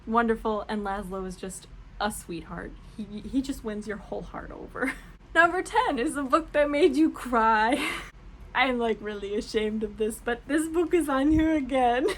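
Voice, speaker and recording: Young female booktuber, chatty and gushing, slightly high voice, faint hiss behind. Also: unhurried. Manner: gushing, chatty, laughs often. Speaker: book vlogger. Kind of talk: casual book tag chat.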